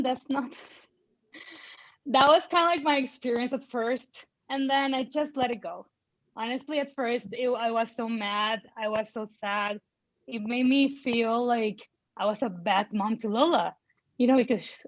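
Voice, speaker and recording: A woman in her thirties, a parent on a panel, telling her own story in an outspoken, animated way with many fillers and voiced quotes. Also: on the high side, measured pace, no room sound, highs cut off. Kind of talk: personal storytelling in a panel conversation.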